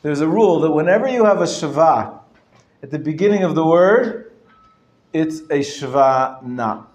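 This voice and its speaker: A male rabbi teaching a live class, explaining patiently and sounding words out slowly, often clearing his throat and chuckling. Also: a little high, animated, a little mellow. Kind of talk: live classroom lesson on Hebrew reading. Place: lecture room. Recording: roomy echo from a live class.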